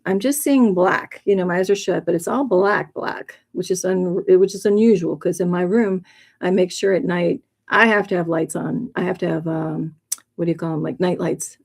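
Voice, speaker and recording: A woman hosting a livestream, telling a personal story in a casual, rambling way with many fillers and restarts, her voice jumping up when she gets excited. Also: creaky. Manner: lively, jumps in pitch when excited. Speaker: livestream host.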